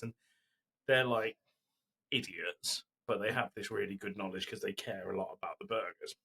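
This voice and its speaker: Podcast guy, husky and forceful, rambles on recapping a show. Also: fairly low pitch, moderate pace. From Britain. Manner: rambling storytelling recap with fillers. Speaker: podcast co-host. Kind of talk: casual chat.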